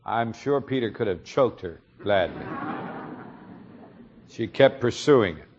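A man's voice: on the low side, expressive, slow, dull audio, background noise. A man preaching a sermon, retelling a story earnestly and explaining it, his emphasis rising on key moments.

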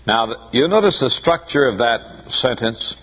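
A man's voice: mid-range voice, lively intonation, moderate pace, husky. A man preaching an expository sermon, reading scripture aloud and explaining it, with emphatic rises on the quoted verses. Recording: muffled dull recording.

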